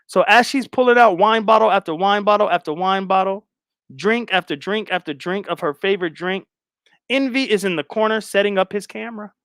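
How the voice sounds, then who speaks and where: A man giving casual reaction commentary as a stream host. He is blunt, joking and profane. His voice runs a little high, and the sound is dry and close. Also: fairly quick, fairly bright tone, clear, resonant tone, no room sound.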